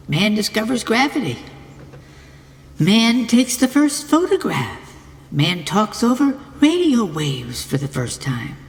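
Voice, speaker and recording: Mock-earnest woman, lively pitch, echoing hall. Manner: mock-earnest, playful wordplay. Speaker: narrator of a mock book trailer. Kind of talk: scripted comic monologue.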